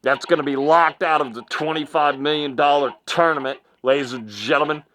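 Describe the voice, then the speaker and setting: A man's voice: a little high, fairly even intonation, a little fast, a bit bright. A man giving mocking commentary in a vlog, laughing often and repeating phrases like a ring announcer. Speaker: online commentary vlogger.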